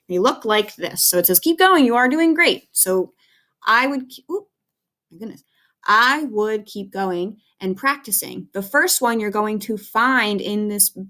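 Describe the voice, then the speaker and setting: A woman, a second grade teacher, giving a recorded phonics lesson to young children in a patient, encouraging way with clear, careful speech. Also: mid-range voice, a bit bright.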